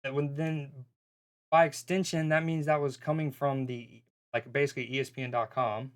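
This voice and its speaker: A male streamer chatting casually through a football watchalong, his voice sitting in an ordinary middle pitch. He rambles and cuts himself off mid-thought, sounding bemused as he talks to his viewers. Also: flat delivery, normal speed. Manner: rambling, self-interrupting, bemused. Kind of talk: casual live-stream chat.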